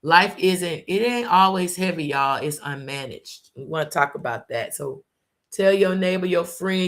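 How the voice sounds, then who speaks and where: A woman host giving an informal motivational talk, repeating phrases and slowing down for emphasis. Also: lowish voice. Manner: informal, uses y'all and ain't.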